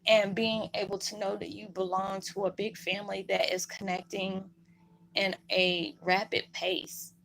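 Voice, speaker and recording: A woman's voice: medium pitch, level tone, unhurried, gravelly, fairly bright tone, a little hiss or hum, low-quality recording. A woman vlogger talking to her viewers in a rambling, heartfelt way, emotional and holding back tears. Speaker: spiritual vlogger. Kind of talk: heartfelt casual monologue to viewers.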